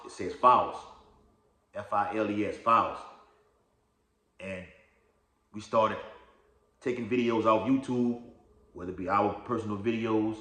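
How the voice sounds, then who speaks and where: A man's voice: lowish voice, bright, forceful tone, echoey room. A man giving an informal religious teaching, rambling and checking in with "okay?" and "all right?", reading verses aloud. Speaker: lay preacher.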